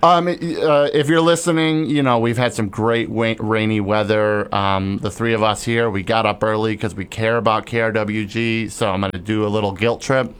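A man's voice: on the low side, fairly even intonation, normal speed, hardly any pauses, clean tone. A male radio guest appealing to listeners in casual chat, joking and hesitant. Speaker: studio guest.

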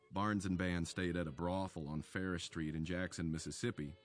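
Deep voiced guy reading a radio history piece, calm storyteller pace, faint music behind. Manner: measured storytelling delivery. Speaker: author narrating a radio segment. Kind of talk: scripted documentary narration.

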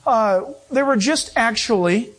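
A man preaching a sermon, telling stories with animated delivery and acting out other people's voices. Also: extremely high pitch, a little slow. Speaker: pastor.

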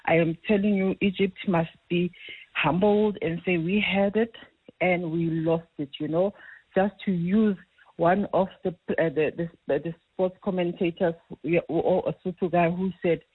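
Animated South African woman on a tinny phone line. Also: lowish voice, measured pace, slightly rough, dry recording. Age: middle-aged. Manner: animated, storytelling. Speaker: caller. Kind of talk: casual phone-in chat.

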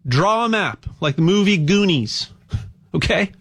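A man hosting a show, talking in a rambling, impassioned monologue with a sales pitch and lots of stammered restarts. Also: animated, measured pace, a bit bright, husky. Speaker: radio show host.

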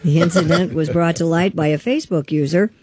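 A woman's voice: fairly low pitch, a little fast, darkish tone, breathy edge, dry recording, clean studio sound. A woman reading news items on a morning radio show, breaking into banter.

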